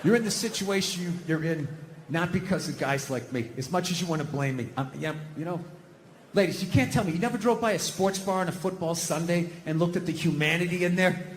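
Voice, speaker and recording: A man's voice: high voice, a little fast, long reverb tail. Man, stand-up comedian, ranting, mocking, noisy live recording. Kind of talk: stand-up routine. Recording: live show with background noise.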